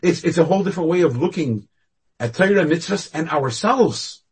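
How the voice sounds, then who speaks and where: A husky man with a fairly high voice teaches an online Torah class over a video call. He speaks animatedly, jumping up in pitch and loudness, then dropping low. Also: fairly quick. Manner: animated, with sudden rises and falls in loudness.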